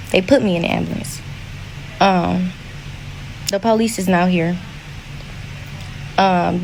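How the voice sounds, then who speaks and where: A woman's voice: medium pitch, gravelly, a little hiss or hum, poor audio. A young woman telling her own story in a blunt, matter-of-fact way. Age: young adult. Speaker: storyteller in a played clip. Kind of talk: casual storytime.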